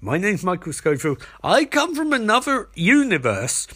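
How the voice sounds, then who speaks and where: A man's voice: medium pitch, moderate pace, fairly bright tone, lightly acted. A man voicing a cocky, sly male career criminal in a jokey retelling, with a drawling, casual manner. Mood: smug.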